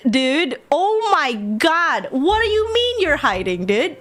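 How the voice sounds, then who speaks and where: Young woman streamer, brightish voice, rowdy and swears, faint music behind. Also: sits high, slow, few pauses. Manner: excitable, swears a lot, laughs often. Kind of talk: casual chat while drawing.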